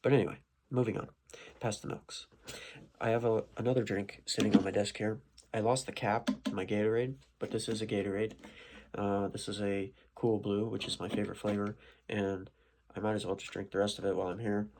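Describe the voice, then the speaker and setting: Man vlogger, low-pitched, rambling and loose, lots of filler words, casual desk chat. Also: little pitch movement, brisk, very noisy. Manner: rambling and meandering, with many fillers and profanity.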